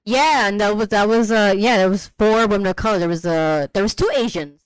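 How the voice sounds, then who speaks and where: A young woman co-hosting a casual movie chat, animated and profane, acting out characters as she quotes them. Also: medium pitch, a little fast, clean tone, no room sound. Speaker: podcast co-host.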